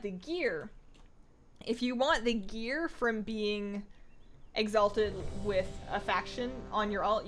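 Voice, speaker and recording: A woman's voice: a little high, fairly bright tone. A woman hosting a casual gaming livestream, thinking aloud, answering viewer chat and laughing often. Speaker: livestream host playing an online game.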